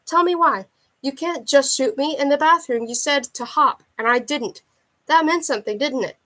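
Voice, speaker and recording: A woman's voice: high-pitched, expressive, a little slow, fairly bright tone, full character voice. A woman reading aloud, voicing a frightened young man who pleads desperately for his life. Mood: pleading.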